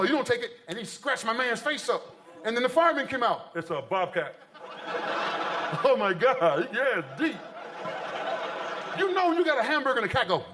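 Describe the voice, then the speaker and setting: A man from the United States doing live stand-up, telling stories in an animated, exaggerated way. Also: high-pitched. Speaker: stand-up comedian. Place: stage before a live audience. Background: faint audience laughter.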